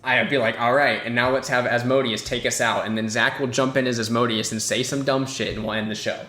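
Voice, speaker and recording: Male podcast host, easygoing, laughs a lot, restarts sentences, mid-pitched, recorded in an echoey room. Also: fairly quick. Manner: relaxed, laughs often, stammering restarts. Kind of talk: casual podcast chat.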